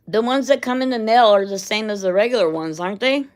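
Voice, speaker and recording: A woman's voice: medium pitch, animated, fast talker. A middle-aged woman in casual chat, rambling from one story to the next and laughing often. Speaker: vlogger.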